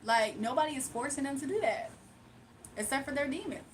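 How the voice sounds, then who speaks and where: A woman talking casually on her livestream, animated and mocking, reading chat aloud, laughing often, drawling and slangy. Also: high-pitched, fairly quick, far from the mic, slight background noise.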